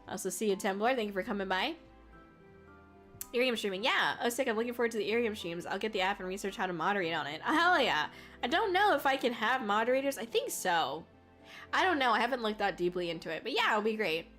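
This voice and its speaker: A woman's voice: on the high side, sing-song, fast talker, a bit bright. A woman VTuber chatting casually on a live stream, reading viewer comments, laughing often and swearing as she rambles. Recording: faint music underneath.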